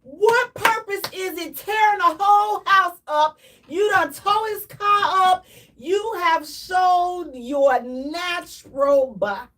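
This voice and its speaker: High-voiced woman hosting live radio, preachy and loud at times, unhurried, kinda far off the mic. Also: a little hiss or hum. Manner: animated, preachy, repeats herself, sometimes shouting. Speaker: radio show host. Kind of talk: live call-in radio talk.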